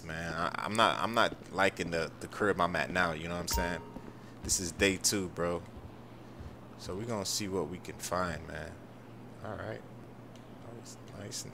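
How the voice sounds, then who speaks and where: A man's voice: on the low side, sharp tone, slight background noise. A man hosting a game role-play video, talking in frantic, slangy banter. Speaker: gaming video host.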